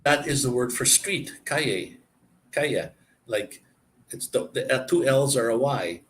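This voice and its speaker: A man's voice: medium pitch, normal speed, a bit bright, slight background noise. A man vlogging, casually explaining a point and retelling small exchanges in a chatty way.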